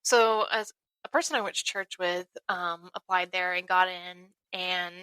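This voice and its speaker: A woman's voice: lowish voice, fairly even intonation, a little slow, bright, forceful tone, clear, resonant tone, dry recording. A young woman from Arkansas, a podcast guest, chatting in an easygoing way with many ums. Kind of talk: casual chat.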